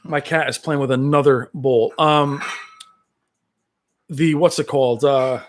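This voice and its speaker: A man hosting a casual live stream from home, reading viewer comments aloud and talking in a rambling, excitable way. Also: mid-range voice, measured pace, a little hiss or hum. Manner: rambling, excitable, with frequent fillers. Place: at home with his cat.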